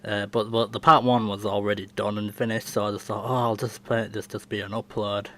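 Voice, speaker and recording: A man's voice: on the low side, little pitch movement, fairly quick, fairly bright tone. A young man casually answering viewer questions on his channel, talking in a chatty, rambling way and often laughing. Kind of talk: casual Q&A chat.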